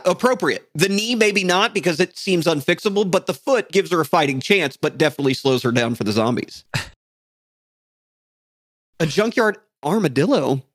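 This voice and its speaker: Animated high-voiced man ranting playfully. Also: dry recording, studio quality. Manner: animated, profane, mock-outraged. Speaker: podcast co-host. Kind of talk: casual banter.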